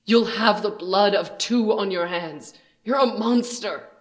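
A storyteller voicing a frightened young male bard who pleads softly and desperately. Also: medium pitch, a little slow, pitched above the performer's own voice, close to an everyday voice. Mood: accusing.

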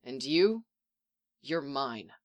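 A reader voicing a calm, possessive clone commander man with a low, dry teasing way of talking. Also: very slow.

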